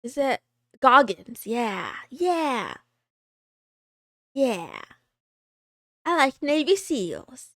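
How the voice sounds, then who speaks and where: Giggly high-voiced woman streamer. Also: huge pitch swings, very slow, long pauses, sharp tone, dry recording, clean studio sound. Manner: giggly, playful, rambling; playful cat persona, meowing. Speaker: VTuber streamer. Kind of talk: casual livestream chat, reading out viewer names.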